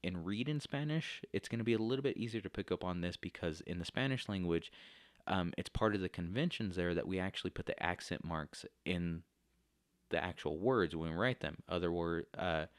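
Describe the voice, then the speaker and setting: A male teacher giving a recorded lecture, explaining step by step and often pausing with fillers. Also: low voice, no room sound, clean studio sound.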